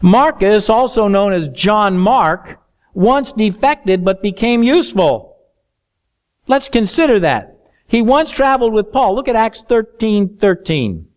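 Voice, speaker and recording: A man preaching a Bible study sermon, expressive, acting out the scripture quotes. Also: sits high, unhurried.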